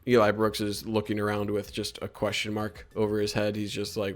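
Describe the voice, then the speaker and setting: A man with a lowish voice talks through game film in an easygoing, conversational way and stops often to question the calls. Faint music plays under his commentary. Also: monotone, a little fast. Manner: conversational, critical of officiating, many fillers. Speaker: sports analyst breaking down game film. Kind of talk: casual video commentary.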